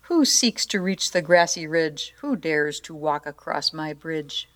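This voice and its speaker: A greedy, boastful troll under a bridge, as a woman storyteller puts him on, gleeful and full of rhymes. He sounds a touch low and soft, with an eager, bragging bite. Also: lively intonation, a little slow.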